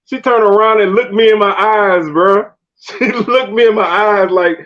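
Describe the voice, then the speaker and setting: A man in his thirties hosts a loose sports talk show, spinning stories and breaking into laughter all the time. His voice sits high, and the recording sounds a bit muffled and lo-fi. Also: a little slow. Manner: laughs often, animated storytelling. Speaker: podcast host. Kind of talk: casual sports chat.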